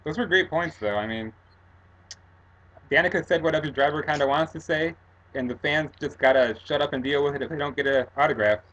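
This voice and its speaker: A man's voice: on the high side, fairly quick, fairly bright tone. A man co-hosting a casual sports podcast, easygoing and agreeable, on a dull lo-fi mic. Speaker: podcast co-host.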